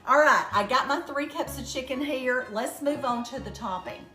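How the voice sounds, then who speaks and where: An older Southern woman with a Southern American accent chats folksily through a cooking demonstration in her home kitchen, calling her viewers "y'all." Her voice sits high and her pace is moderate, with music behind her in an echoey kitchen that picks up background noise.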